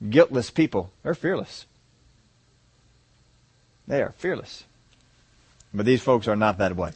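A male pastor giving a sermon, reading scripture aloud and explaining it with animated asides to the congregation. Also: mid-range voice, measured pace, slightly rough, no echo.

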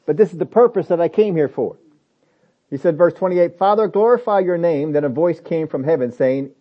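Emphatic high-voiced male preacher. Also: moderate pace, highs cut off. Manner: emphatic, repeats phrases, rhetorical questions. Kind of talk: sermon.

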